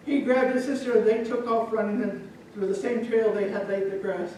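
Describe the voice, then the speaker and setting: A middle-aged woman from Omaha telling a folk tale live to an audience, lively and chatty, with asides to the crowd. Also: medium pitch, a little fast, few pauses, a little hiss or hum. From Omaha, Nebraska. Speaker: storyteller. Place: large event hall. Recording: echoey hall from far off.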